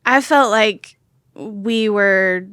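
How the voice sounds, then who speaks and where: A woman with a mid-pitched voice speaks candidly as a podcast guest, telling her story reflectively. The sound is dry and close, with no reverb. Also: drawn-out words, fairly bright tone, clear, resonant tone. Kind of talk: casual podcast chat.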